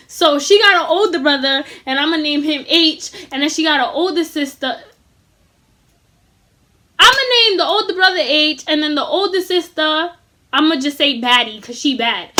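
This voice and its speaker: A woman vlogger tells a story straight to the camera in loose, slangy talk full of swearing. Her voice sits high and has a bright, sharp edge that carries her animated delivery. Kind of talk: casual storytime vlog.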